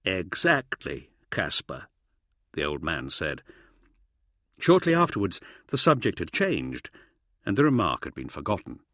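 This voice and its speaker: A man narrates a story in a fairly low voice, his pitch rising and falling with lively expression. His telling is measured and dramatic, as in a polished audiobook. The recording is dry and close, with no room sound. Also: dry recording. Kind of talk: scripted narration.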